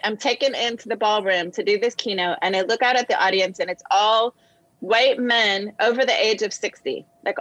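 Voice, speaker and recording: A woman guest on a discussion show, telling a personal story with animated quoted voices. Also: medium pitch, no echo, poor audio. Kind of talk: storytelling in conversation.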